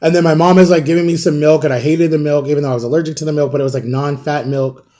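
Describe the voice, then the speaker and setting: A thirties male vlogger eats while telling viewers a long personal story, rambling casually, stuffing it with fillers and calling them "guys." His voice sits on the high side with fairly even intonation and a rapid-fire pace, dark in tone, and the recording sounds muffled.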